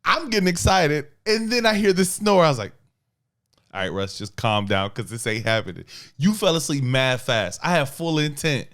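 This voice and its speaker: A man's voice: on the high side, big pitch swings, normal speed, fairly bright tone. A man co-hosting a podcast, bantering and joking in casual conversation with his partner. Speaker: podcast co-host. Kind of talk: casual couple chat.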